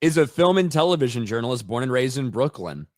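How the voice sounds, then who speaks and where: An American man co-hosts a casual commentary chat, reading out bits of text in a matter-of-fact, wry way. His mid-range voice is sing-song and fast.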